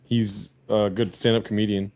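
A man's voice: lowish voice, little pitch movement, moderate pace, a little mellow, dry recording. A man from California, a podcast host, chatting casually over a call and ranting with heavy profanity.

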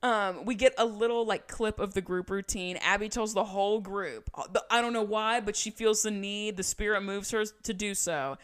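A woman's voice: mid-range voice, moderate pace, few pauses, clear, resonant tone. A woman co-hosting a casual podcast, retelling scenes in a chatty, dramatic way with quoted voices. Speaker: podcast co-host. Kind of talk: casual recap chat.

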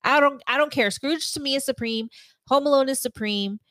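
A woman's voice: high-pitched, brisk, a bit bright, dry recording. A woman co-hosting a casual livestream chat, easygoing and laughing a lot. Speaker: co-host.

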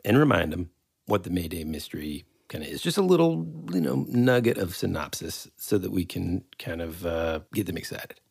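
A man's voice: deep voice, big pitch swings, normal speed, gravelly, darkish tone, slightly rough, no echo, clean studio sound. A man co-hosting a casual podcast, rambling and searching for words as he teases his partner. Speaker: podcast co-host.

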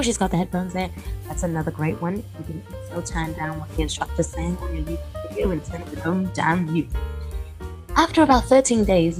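A woman's voice: fairly low pitch, darkish tone, slightly rough. A woman hosting a podcast in casual, rambling chat, full of fillers and asides. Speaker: podcast host.

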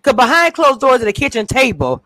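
A woman's voice: high voice, sing-song, a little fast, sharp tone, no room sound. A woman co-hosting a casual recap chat over a video call, talkative and prone to drifting off topic with many restarts. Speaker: co-host.

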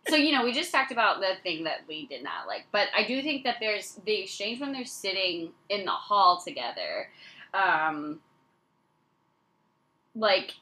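A woman's voice: medium pitch, very animated, measured pace, pushed and bright. A woman co-hosting a podcast in casual chat, talkative, laughing often and trailing off mid-thought. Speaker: podcast co-host. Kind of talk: casual chat about a TV series.

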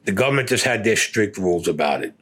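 An older man, a veteran, recounting war memories in a blunt, profane, plainspoken way with a husky voice. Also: fairly low pitch, lively intonation, quick pace, background noise. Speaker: veteran interviewee.

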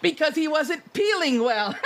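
A man's voice: high voice, sharp tone, slightly rough, pitched above the performer's own voice, exaggerated voice. A man voicing a suspicious, pompous holy banana paladin who calls things evil. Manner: indignant, quick to call things evil.

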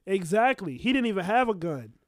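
A man's voice: high voice, sing-song, fairly quick, dry recording, clean studio sound. A young man co-hosting a casual podcast, talking in a laid-back way and stretching out his sign-off. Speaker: podcast co-host.

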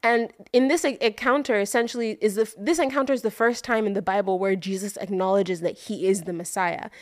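A woman co-hosting a casual podcast, retelling a story with lively energy. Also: medium pitch, dry recording, clean studio sound. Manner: animated storytelling, acts out voices in quotes. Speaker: podcast co-host. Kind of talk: casual chat.

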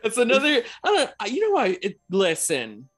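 A man's voice: very high voice, huge pitch swings, normal speed, a bit bright, faint music behind. A man guesting on a casual movie podcast, blunt and sassy, swearing offhandedly.

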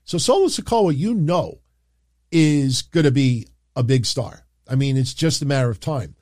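A man hosting a casual livestream, talking in an excitable, rambling way and jumping into quick impressions. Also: medium pitch, dry recording, clean studio sound. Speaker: wrestling show host.

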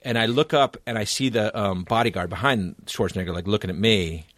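A man's voice: on the low side, brisk, dry recording. A middle-aged man co-hosting a podcast, casually telling a comic story with lots of swearing and acted-out panic. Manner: profane, animated storyteller, acts out his own panic. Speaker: podcast co-host.

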